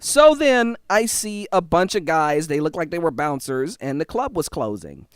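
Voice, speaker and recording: A man's voice: on the high side, very animated, moderate pace, clean tone, dry recording, clean studio sound. A man angrily telling a story about a bad night, swearing often and acting out what people said. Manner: angry, profane ranting. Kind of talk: casual storytelling.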